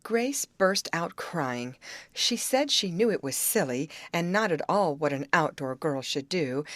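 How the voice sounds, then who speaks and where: A woman reading an audiobook aloud in an expressive, animated narration style. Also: fairly low pitch, no room sound. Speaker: audiobook reader. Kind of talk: scripted narration.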